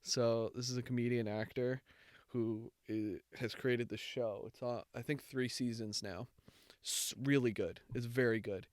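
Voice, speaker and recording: A young man rambles through a heartfelt story on a casual podcast, leaning on fillers as he goes. His voice is smooth and resonant. The recording is close and dry. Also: mid-range voice, fairly even intonation, a little slow, no echo. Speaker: podcast co-host. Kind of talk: casual chat.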